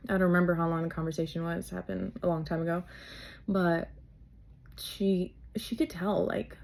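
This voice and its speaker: A young adult woman hosting a podcast, telling a personal story in a candid, halting way with many fillers and restarts. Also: fairly low pitch, steady tone, vocal fry, darkish tone. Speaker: podcast host.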